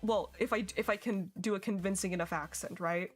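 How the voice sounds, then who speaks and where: A young woman talks briskly at a medium pitch while streaming a game, chatty and giggly as she reacts to chat. Faint music can be heard in the background.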